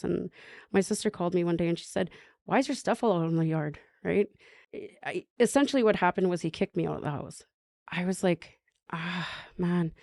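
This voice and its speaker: A woman from northern Manitoba, candidly telling her own recovery story as a podcast guest, halting and restarting often. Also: fairly low pitch, creaky, darkish tone, no echo, clean studio sound. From northern Manitoba, Canada. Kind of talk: personal recovery story, conversational.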